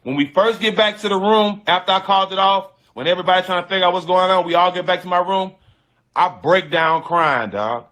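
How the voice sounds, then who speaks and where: A man tells a personal story in loose, slangy talk, repeating key phrases for emphasis and stumbling over restarts. His voice sits a little high and sounds bright and forceful. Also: brisk. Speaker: storyteller guest. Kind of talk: casual storytelling.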